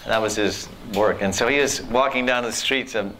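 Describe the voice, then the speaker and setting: A man telling devotional stories in a sermon, animated, acting out characters and laughing often. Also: fairly low pitch, normal speed, a little hiss or hum. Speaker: spiritual teacher. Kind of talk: storytelling sermon.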